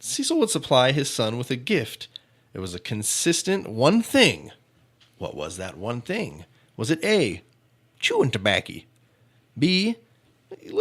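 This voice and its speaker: A man's voice: medium pitch, a bit bright. A man hosting a true-crime comedy podcast, joking casually and laughing often. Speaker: podcast host.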